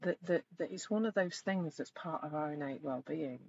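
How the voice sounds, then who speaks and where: A middle-aged woman coaching in a live online session, speaking reflectively and gently and growing animated when she retells stories. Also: sits low, normal speed, vocal fry. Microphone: video call. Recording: slightly dull lo-fi sound with faint noise.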